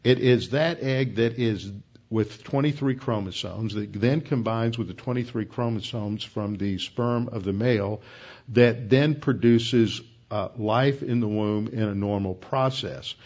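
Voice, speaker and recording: A man giving an expository Bible teaching, explaining verse by verse in a methodical way with frequent pauses. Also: on the low side, darkish tone, muffled recording. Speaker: preacher.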